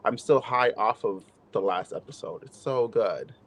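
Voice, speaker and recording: A man's voice: on the low side, normal speed, fairly bright tone, slight background noise. A man speaking as a panelist on a casual talk show, bubbly and enthusiastic. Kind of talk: casual chat.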